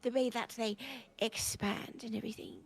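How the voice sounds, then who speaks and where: A woman's voice: on the high side, fairly even intonation, normal speed. A woman voicing a young woman who sounds like an old lady from years of smoking. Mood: playful. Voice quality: gravelly, smoky.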